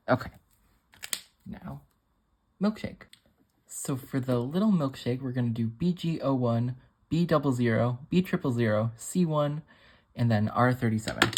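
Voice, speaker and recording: A man's voice: mid-range voice, a little mellow, slight background noise. A man talking through a casual crafting tutorial, chatty and playful with joking asides. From Massachusetts. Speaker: craft demonstrator on a design team.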